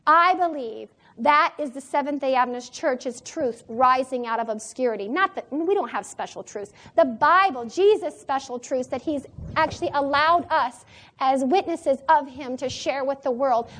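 Very high-voiced woman preaching. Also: a bit bright. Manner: emphatic, repeats key phrases. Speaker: church seminar presenter. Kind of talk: church training talk.

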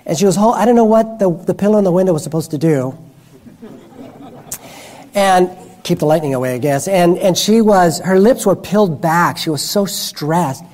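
A man's voice: sits high, moderate pace, darkish tone. A man preaching a sermon who tells personal stories with frequent restarts and self-corrections.

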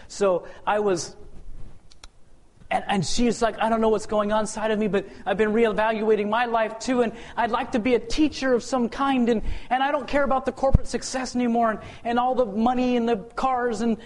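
A man sharing a personal testimony as an animated story, acting out the dialogue and often repeating words as he restarts. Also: very high voice, brisk. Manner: acts out the dialogue, voice swings from loud to hushed.

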